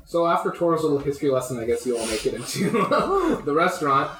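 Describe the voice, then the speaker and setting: A man's voice: fairly high pitch, sing-song, fast, fairly bright tone. A man running a tabletop game as game master, narrating casually with plenty of uhs and likes. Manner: casual, filler-heavy narration with many "uh" and "like". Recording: roomy recording.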